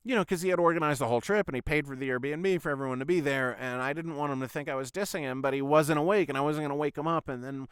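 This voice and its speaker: A man's voice: on the high side, fast, few pauses, clean tone, no room sound, clean studio sound. A man hosting his own podcast, telling a long personal story in a loose, rambling way, full of swearing and "I was like" retellings. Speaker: podcast host. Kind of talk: casual storytelling monologue.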